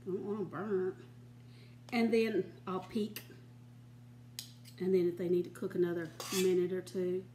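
A woman's voice: lowish voice, level tone, a little slow, long pauses, warm tone, reverberant, slight background noise. An older woman hosting a home cooking show, chatting in a folksy way and giggling often. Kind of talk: casual home cooking demonstration. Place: home kitchen.

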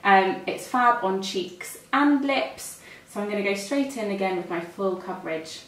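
Animated and a bit bright, her mid-range voice keeps a moderate pace. She's a British makeup artist narrating each stage of her work in a demonstration, recorded in a room with echo and a mic placed slightly far away.

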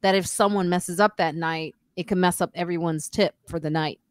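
A woman's voice: on the low side, normal speed, no echo. A middle-aged woman hosting a casual live stream, telling stories and playing out other people's lines herself. She talks over a video call, and her sound is close and dry, with no room around it. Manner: animated storyteller, acts out other people's lines. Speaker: podcast host.

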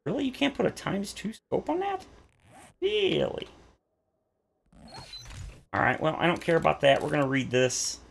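A man's voice: huge pitch swings, normal speed, creaky, pauses often, slight background noise. A man giving game commentary, complaining at length in a theatrical, exasperated way. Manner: exasperated, theatrical complaining with big pitch jumps. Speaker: gaming YouTuber.

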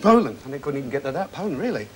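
A man's voice: medium pitch, sing-song, very fast, slight background noise. A man hosting a television quiz show, reading questions and joking with contestants in a breezy, easygoing patter. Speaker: game show host. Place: television studio with audience.

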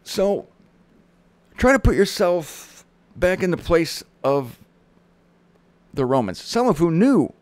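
A man's voice: high-pitched, big pitch swings, slow pace, pauses often, darkish tone, dry recording. A middle-aged man teaching the Bible in a sermon style, reading verses aloud with dramatic emphasis and dropping casual asides. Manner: conversational asides.

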